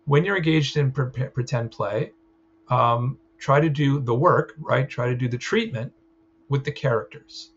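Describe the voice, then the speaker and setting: A man lecturing to trainees in an easygoing, talky way, tagging his points with "right?" as he goes. His voice sits at an ordinary middle pitch. The recording is a little dull and muffled, with faint room noise underneath. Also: a little slow. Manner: conversational, frequent "right?" check-ins. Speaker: clinical trainer. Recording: slightly dull sound with faint ambience.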